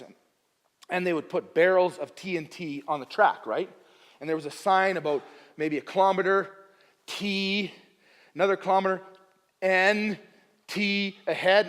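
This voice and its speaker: A male pastor preaching a sermon with humor at his own expense, moving between soft asides and loud emphatic bursts and often repeating his phrases. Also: sits high, long reverb tail. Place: church sanctuary.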